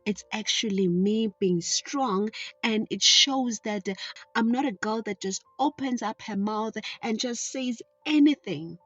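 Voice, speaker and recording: Woman doing Ruby, a gentle shy little girl. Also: fairly high pitch, measured pace, breathy edge, dry recording, lo-fi sound, soft background music. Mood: resolute.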